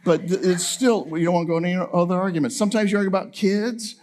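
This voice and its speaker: A man, teasing his wife in a lively, joking talk to a camp audience. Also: high-pitched, fast. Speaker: family camp speaker.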